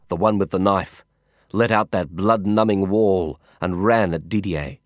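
A man giving scripted first-person audiobook narration in a measured, intense storytelling manner. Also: on the low side, no room sound, studio quality.

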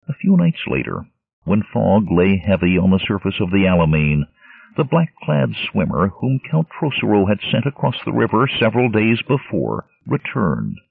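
A man narrating an adventure novel in a dramatic, expressive storytelling manner. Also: lowish voice, vocal fry, slightly rough, no echo. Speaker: audiobook narrator. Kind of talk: scripted narration. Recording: tinny lo-fi narrowband audio, dry.

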